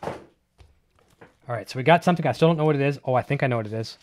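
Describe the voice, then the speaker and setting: A man hosting a live online show, chatting casually and excitedly while unboxing, with many fillers and restarts. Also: mid-range voice, quick pace, no echo. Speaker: host of a live gear show.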